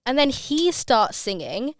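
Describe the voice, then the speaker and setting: A woman in her twenties co-hosting a podcast, telling stories in a chatty, animated way. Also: high-pitched, dry recording, clean studio sound. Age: 20s. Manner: chatty storyteller, fast and animated. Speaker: podcast co-host. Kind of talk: casual chat.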